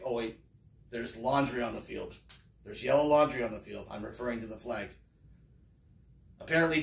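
A man's voice: mid-range voice, vocal fry, a bit bright, reverberant, far from the mic. A man recapping a football game in a casual, wry and sarcastic way, rambling with fillers. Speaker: sports fan vlogger.

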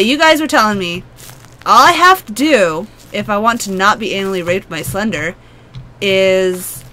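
A woman with a husky, hoarse voice talks her way through a horror game in a casual play-by-play. Her tone is bright and edgy, and she rambles chattily. She keeps poking fun at herself while getting jumpy and nervous. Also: mid-range voice, slight background noise. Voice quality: husky, smoker-like voice. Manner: chatty, jumpy, self-mocking. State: hoarse from a long cough. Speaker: gaming video host. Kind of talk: casual let's-play commentary.

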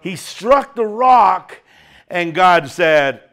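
Male preacher, high voice, lively conversational sermon delivery. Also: very slow. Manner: animated, chatty preaching.

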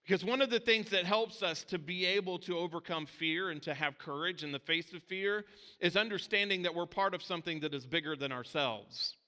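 A man's voice: high voice, brisk, sharp tone. A man preaching a casual, conversational sermon as pastor, full of fillers and restarts. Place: church sanctuary. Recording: church hall reverb.

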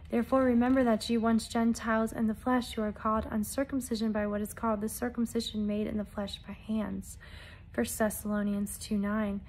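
A woman's voice: mid-range voice, darkish tone, slight background noise. A woman relaying prophetic messages and reading scripture verses, speaking in solemn, earnest first-person proclamations in short phrases. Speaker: self-styled prophetic messenger.

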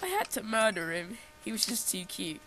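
A man's voice: sits high, big pitch swings, moderate pace, sharp tone, low-quality recording. A man, chatting and teasing his friend during a video game, slightly stuffy from a cold. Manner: joking, teasing, rambling. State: has a cold. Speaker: gameplay co-host. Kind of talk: casual gameplay chat.

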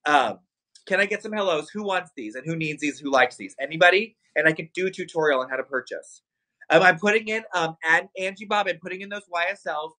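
A man hosting a live shopping stream, excitedly hyping luxury items and talking straight to his viewers. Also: on the high side, brisk, poor audio. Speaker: livestream shopping host. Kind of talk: live sales stream chat.

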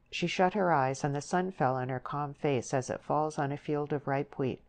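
A woman narrating a novel as an audiobook, with measured, descriptive storytelling. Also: sits low, a little mellow. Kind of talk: scripted narration.

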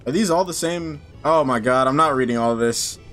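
A man's voice: mid-range voice, fairly quick, a bit bright, soft background music. A young man playing a horror game, chatting casually and joking as he reads lines aloud. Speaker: gaming streamer. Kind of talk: casual let's play commentary.

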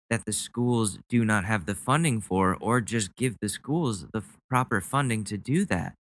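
A man's voice: lowish voice, fairly bright tone, no echo. A man hosting a podcast, ranting about the news with sarcastic, mocking commentary. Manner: sarcastic, mocking, goes on rants. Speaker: podcast host. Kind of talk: casual comedic commentary.

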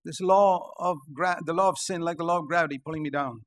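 An older man preaching a sermon, emphatic, rising on key points and dropping low. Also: fast. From India. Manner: emphatic, rises to stressed points then drops low.

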